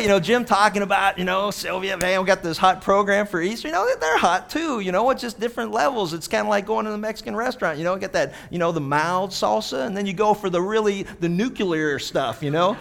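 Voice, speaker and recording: Chatty preacher man with a higher voice. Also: lively intonation, fairly quick, vocal fry, few pauses, fairly bright tone, a little hiss or hum. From Pittsburgh. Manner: chatty storytelling, many "you know" asides. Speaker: pastor. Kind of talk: sermon.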